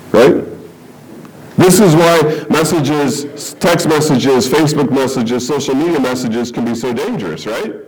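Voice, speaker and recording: Animated man preaching. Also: on the high side, poor audio. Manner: conversational, checks in with listeners; animated, rhetorical questions. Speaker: pastor or Bible teacher. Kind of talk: sermon, Bible teaching.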